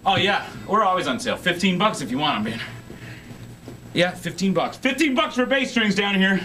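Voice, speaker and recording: A man's voice: high-pitched, expressive, normal speed, background noise. A man who owns a music store, hosting a casual local TV show from the store, joking around, tired and out of breath. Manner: joking, rambling, playful. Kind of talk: casual on-camera banter and phone calls.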